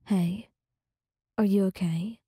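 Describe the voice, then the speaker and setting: A woman voicing a cocky, sarcastic young man with a dark edge, in a soft whispered role-play. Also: mid-range voice, steady tone, slow, husky, no echo, clean studio sound. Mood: tender. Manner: scoffing, sarcastic.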